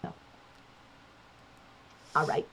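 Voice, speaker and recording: A woman from New Jersey talks very slowly in a slightly bright voice, chatting casually as a voice actor guest while gaming. She moves her voice placement around to demonstrate, and the recording is dull and lo-fi.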